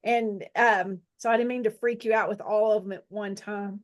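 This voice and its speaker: A woman teaching a Bible study, slowly dictating verses and guiding drawing with a friendly, self-deprecating manner. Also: medium pitch, fairly even intonation. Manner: slow, deliberate dictation, repeating phrases; friendly, laughs at herself. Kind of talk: guided scripture lesson with drawing.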